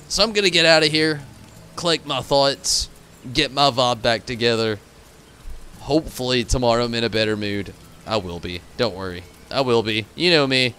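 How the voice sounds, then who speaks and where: A man's voice: medium pitch, lively intonation, normal speed, pushed and bright, soft background music. A tired, frustrated man signing off his stream, rambling and swearing as he thanks his chat. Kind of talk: casual stream sign-off to chat.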